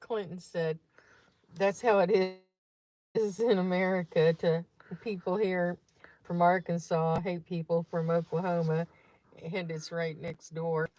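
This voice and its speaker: A woman's voice: on the low side, flat delivery, measured pace, a little mellow, rough recording. A woman riding along in a car at night, chatting casually and reading out viewer comments on a livestream. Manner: reads out viewer comments, teasing. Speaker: co-host, passenger.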